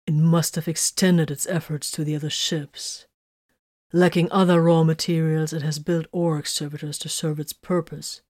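A woman voicing a calm male warrior who speaks in a musing way. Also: low voice, moderate pace, no room sound, studio quality.

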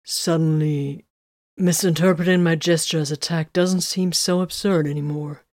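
A woman reading a story, voicing a remorseful wounded male soldier who pleads in halting, apologetic words. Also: low voice, fairly even intonation, darkish tone, dry recording, clean studio sound, lightly acted.

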